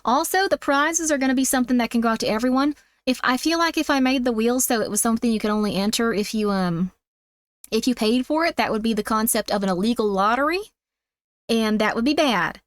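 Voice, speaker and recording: A young woman streamer with a squeaky voice and a put-on Southern accent, chatting sweetly with viewers and calling them sweetie. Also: brisk, no room sound, clean studio sound. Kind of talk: casual livestream chat.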